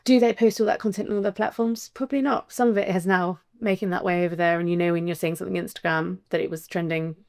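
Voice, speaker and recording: Woman guest, low gravelly voice, dry close sound, frank and upbeat. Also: fairly even intonation, fast, hardly any pauses, a little mellow, no room sound. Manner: frank, upbeat, informal fillers. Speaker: marketing executive guest. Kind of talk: casual interview chat.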